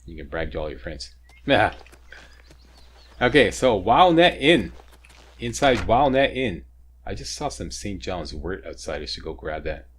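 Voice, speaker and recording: Deep-voiced man narrating a game. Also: sing-song, unhurried, pauses often. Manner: chatty, joking, informative. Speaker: game walkthrough host. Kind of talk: video game commentary. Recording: faint ambient noise, sirens nearby.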